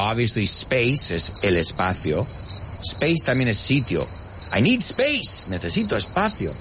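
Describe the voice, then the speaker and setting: A man teaching English on a live stream, playful and animated, often laughing at his own jokes. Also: mid-range voice, very noisy. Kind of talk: casual live-stream language lesson.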